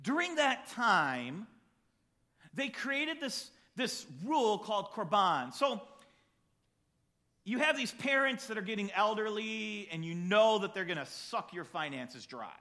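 A man preaching a sermon, reading scripture and then explaining it in an animated, conversational way. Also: high voice, a little slow. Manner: animated, acts out voices in the story. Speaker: pastor.

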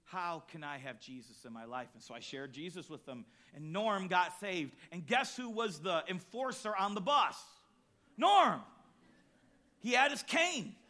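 A man, a pastor, preaching a sermon and telling a personal story, acting out the voices he quotes and swinging between loud bursts and hushed lines. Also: fairly high pitch, animated, moderate pace, few pauses.

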